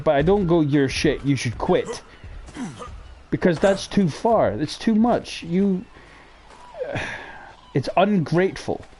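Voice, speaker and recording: A man hosting a casual talk show, ranting heatedly with lots of swearing, jumping between loud outbursts and low mutters. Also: slight background noise. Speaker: podcast host. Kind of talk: casual opinion rant.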